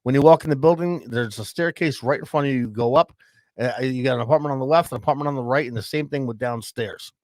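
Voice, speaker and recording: A man's voice: medium pitch, fast, a little mellow, no echo. A man co-hosting a podcast, telling a rambling story full of swearing and constant "bro". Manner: profane, says "bro" constantly. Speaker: podcast co-host. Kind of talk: casual storytelling.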